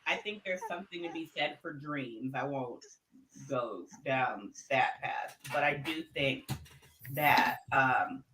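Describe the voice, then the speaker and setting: A woman's voice: a bass voice, slow pace, background noise. A woman co-hosting a casual podcast chat, explaining her views earnestly and at length. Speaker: podcast co-host.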